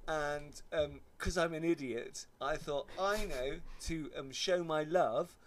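A man from England telling funny stories in a casual podcast chat, jokey and animated. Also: fairly high pitch, takes it slowly, a little hiss or hum. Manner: animated, jokey, mimics shrieks.

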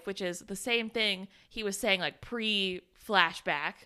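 Bright-voiced woman recapping a movie. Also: medium pitch, measured pace, clean tone. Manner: animated retelling with laughs. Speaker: podcast co-host. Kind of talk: casual movie recap chat.

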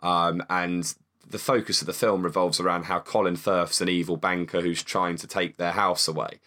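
Chatty, lower-voiced man. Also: fairly even intonation, normal speed, bright, forceful tone. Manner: chatty, swears casually, stumbles and repeats words. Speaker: film review podcast co-host. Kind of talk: casual chat.

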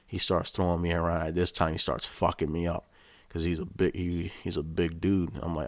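A man's voice: low-pitched, little pitch movement, normal speed, no room sound. A man hosting a podcast, telling a story in a casual, rambling way full of swearing. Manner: profane, rambling. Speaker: podcast host.

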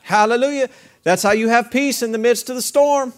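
High-voiced male preacher. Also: a little fast. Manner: conversational preaching with rhetorical questions and call-and-response. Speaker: pastor. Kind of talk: sermon.

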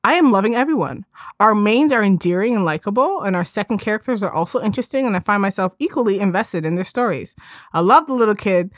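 A woman's voice: medium pitch, expressive, quick pace, dry recording, clean studio sound. A woman co-hosting a podcast in casual chat, giggly and chatty, often trailing off and restarting. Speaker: podcast co-host.

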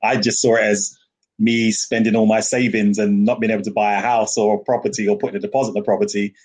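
Low, husky-voiced man telling stories. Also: quick pace. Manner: animated storyteller, laughs often. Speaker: rum festival founder, guest. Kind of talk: casual interview talk.

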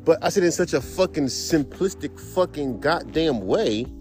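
A man with a slightly high voice rants on his own podcast, heated and profane, rambling from point to point. Faint music plays under his talk. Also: lively intonation, normal speed. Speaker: podcast host; rapper. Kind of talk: casual rant podcast.

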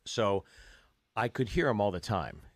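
A man's voice: fairly low pitch, a little slow, no room sound, clean studio sound. A middle-aged man co-hosting a podcast, telling comic stories with lots of laughter and acted-out quotes. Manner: animated storyteller, acts out quotes, laughs often. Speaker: podcast co-host. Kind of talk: casual chat, comic storytelling.

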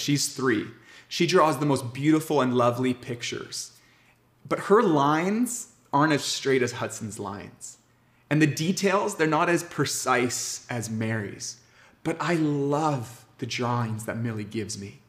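A pastor in his thirties with a mid-range voice preaches an earnest, warm sermon in a church sanctuary, slowing down and pausing emphatically on key words. The room is echoey.

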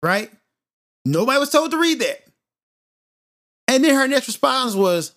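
A man hosting a podcast, telling a story in an animated, emphatic monologue and repeating points for effect. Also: very high voice, unhurried. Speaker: podcast host.

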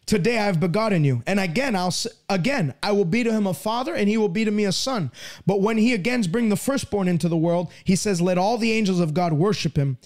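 A man preaching a sermon, reading scripture aloud with slow, emphatic stresses. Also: sits high, darkish tone.

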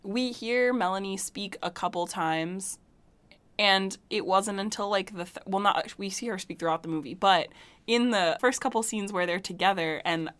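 A woman's voice: medium pitch, normal speed, a bit bright. A young woman co-hosting a podcast, chatting casually about a film in a giggly, rambling way with many restarts. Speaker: podcast co-host. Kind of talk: casual film-review chat.

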